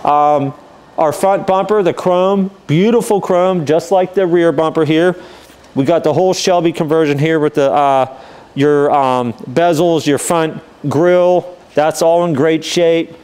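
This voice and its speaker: This casual vehicle walkaround features a dealer presenter circling a classic car for sale with his camera, talking in a methodical, easygoing way full of "um"s and "uh"s. His voice is on the high side, a little mellow and clean, with fairly even intonation and a slightly slow pace.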